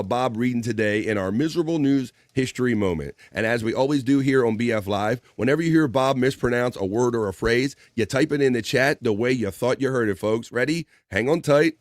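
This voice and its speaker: A man's voice: medium pitch, no room sound, studio quality. A man hosting a casual live stream show, rambling and laughing easily as he introduces clips. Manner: rambling, hums while searching, laughs easily.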